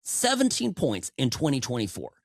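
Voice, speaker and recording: A man's voice: mid-range voice, wildly swooping pitch, normal speed, no room sound. A man hosting a political talk podcast, delivering a sarcastic monologue that often stumbles and repeats words, into a studio microphone. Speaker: podcast host.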